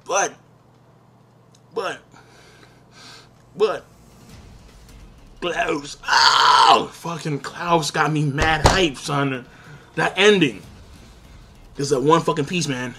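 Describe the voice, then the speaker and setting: A young man with a high voice rants excitedly in a casual review. He swears all the time and jumps from loud shouts to low mutters. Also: drawn-out words, gravelly, pauses often, husky. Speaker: anime reviewer.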